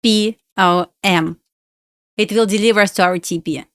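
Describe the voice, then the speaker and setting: A woman's voice: mid-range voice, fairly even intonation, moderate pace, no echo, clean studio sound. Chatty woman with a Russian accent. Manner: chatty, pleads with the chart, laughs often. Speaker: live day-trading streamer. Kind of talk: casual live-stream chat.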